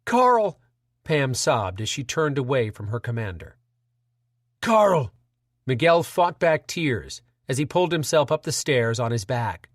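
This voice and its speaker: A man narrating an audiobook in a dramatic, measured reading. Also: medium pitch, expressive, dry recording, studio quality.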